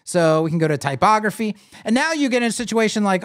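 This man's voice is high-pitched and quick, with hardly any pauses. Hosting a live web design tutorial over screen share, he clicks through a site builder, explaining casually and animatedly while talking to viewers.

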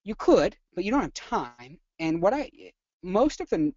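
A nursing instructor teaching a live webinar lecture, energetic and chatty, often quizzing the audience. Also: medium pitch, moderate pace, dry recording, muffled recording.

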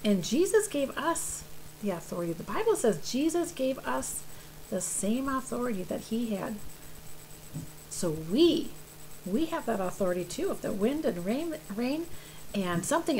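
A woman teaching children's church, telling a Bible story with animated emphasis and questions to the kids. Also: a little high, slight background noise, rough recording.

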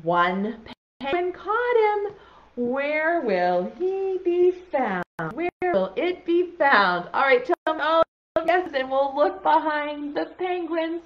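A young woman leads a preschool lesson in a high, bouncing voice that swoops up and down. She talks slowly, playful and full of encouragement. The sound is a little dull and lo-fi. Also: sing-song. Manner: playful, encouraging, sing-song. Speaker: preschool teacher. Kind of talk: virtual preschool lesson for children.

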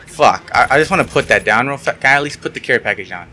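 Talking fast in a mid-range, pushed and bright voice with lively intonation, a young man narrates his online shooter game for YouTube. He's sarcastic, curses a lot, and yelps when frustrated, and slight background noise can be heard.

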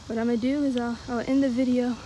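A tired woman with a cracking voice, rambling excitedly in a casual outdoor fishing vlog by a pond, recorded on a handheld camera. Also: on the high side, fast, slight background noise, rough recording. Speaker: fishing vlogger. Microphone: handheld phone or action camera.

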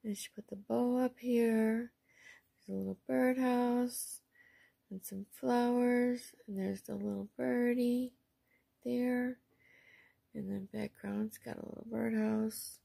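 A woman shows off her craft mail at home in an unhurried, intimate way. Her voice is low and husky with a gravelly creak, and she keeps her warm praise soft, often sinking to a near whisper. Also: steady tone. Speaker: craft vlogger showing received mail and shopping finds. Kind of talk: casual show-and-tell chat.

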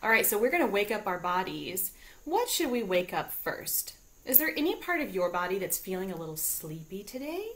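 In a medium-pitched, fairly bright, sing-song voice at normal speed, a woman coaxes small children along in a bubbly way. It's a live video sing-along music lesson streamed from her home, with ukulele in the background.

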